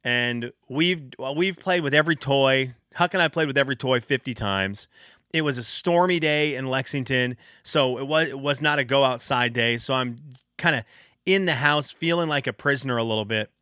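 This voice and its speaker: A man in his thirties hosts a casual solo podcast, telling family stories with animation and slipping into voices for his kids. His tone is bright and forward, and the sound is close and dry with no room around it. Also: medium pitch, moderate pace, smooth, no echo. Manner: animated storytelling, acts out quotes of his kids. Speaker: podcast host.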